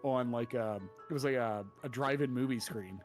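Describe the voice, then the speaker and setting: A man co-hosting a podcast, chatting casually and animated, jumping up in pitch when quoting people. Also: normal speed, faint music behind. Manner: animated storyteller, jumps up in pitch for quotes. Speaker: podcast co-host. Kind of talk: casual chat.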